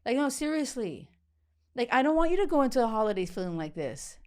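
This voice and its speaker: A woman in her forties, a dating coach hosting a podcast, giving a casual motivational talk in an energetic, blunt way, swearing freely and often repeating words. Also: a little high, quick pace.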